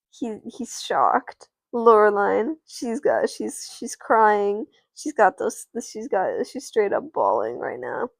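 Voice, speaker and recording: A woman's voice: medium pitch, gravelly, no room sound. A woman casually narrating her doll play, rambling and often stopping herself mid-sentence. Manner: rambling, self-interrupting.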